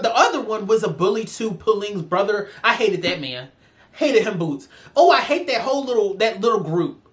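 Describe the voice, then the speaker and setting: A woman giving a ranting review in a vlog, sassy and profane as she vents. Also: on the high side. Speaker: show reviewer.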